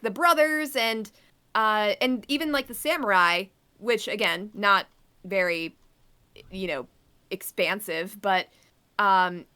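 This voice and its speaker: A woman on a podcast talks through her take on a show in a chatty, halting way, with lots of fillers and restarts. Her voice sits a little high and sounds bright. It comes across crisp and clear. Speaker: podcast co-host. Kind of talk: casual review chat.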